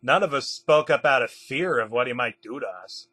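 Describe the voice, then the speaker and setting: A man narrating a comedic creepypasta in a deadpan storytelling manner. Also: medium pitch, normal speed.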